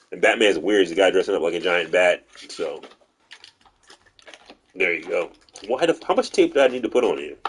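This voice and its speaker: A man's voice: sits low, breathy edge. A man streaming a video game live, giving profane, rambling commentary as he plays.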